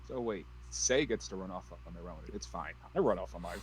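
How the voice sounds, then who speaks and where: A man's voice: low voice, brisk, slight background noise, low-quality recording. A man player in a live-streamed tabletop game, speaking in a wry, teasing way.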